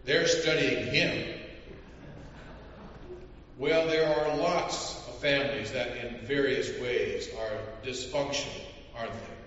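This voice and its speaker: A man preaching a sermon as pastor, measured and full of rhetorical questions. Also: mid-range voice, slight background noise. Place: church. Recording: echoey church hall from far off, dull.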